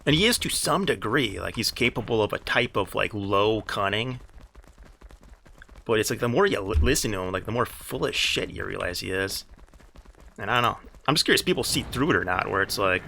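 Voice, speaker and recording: A man's voice: lowish voice, expressive, brisk, vocal fry, bright, forceful tone, slight background noise. An American man streaming a game live, rambling in casual talk full of restarts and "right?" asides, with an exasperated edge. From United States.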